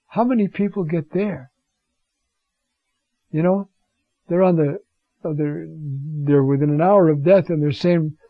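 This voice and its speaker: A man preaching on scripture in an animated way, with rhetorical questions and sudden leaps in pitch. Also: slow, long pauses, no echo. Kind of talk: sermon on scripture. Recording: dull, lo-fi dry recording.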